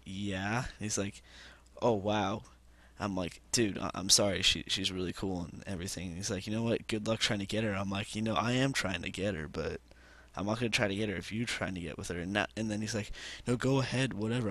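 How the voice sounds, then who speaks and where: A teenage boy telling a rambling personal story over gameplay, full of fillers and restarts, on a headset mic. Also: on the low side. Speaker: gaming commentator.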